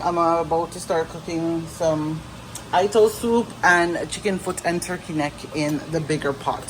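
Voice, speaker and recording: Young woman, low voice, loose rambling vlog chat, off camera on a phone in a noisy kitchen. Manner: chatty, rambling, loose and informal. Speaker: family vlogger. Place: home kitchen. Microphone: phone camera, speaker off screen. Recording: noisy home phone recording.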